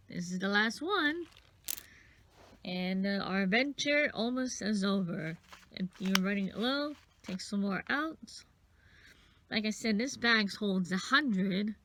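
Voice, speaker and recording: A woman's voice: mid-range voice, a bit bright. A sniffly woman casually rambling through a bead-bracelet craft tutorial, counting beads aloud as she works. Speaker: craft vlogger.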